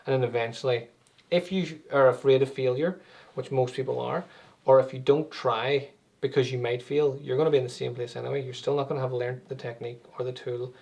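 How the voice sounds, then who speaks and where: A man's voice: medium pitch, fairly even intonation, fairly quick, gravelly, a little mellow. A man, an anxiety and meditation coach, explaining things conversationally with everyday examples as an interview guest.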